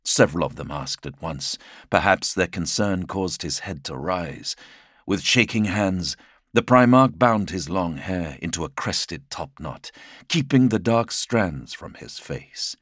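A man narrating an audiobook in a dramatic, measured storytelling manner. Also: low voice, lively intonation, a bit bright, no room sound, studio quality. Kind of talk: scripted narration.

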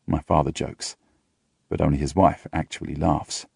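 A man reading a first-person novel aloud in a steady, intimate storytelling manner. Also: extremely low pitch, measured pace, gravelly, husky, dry recording, clean studio sound. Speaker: audiobook reader.

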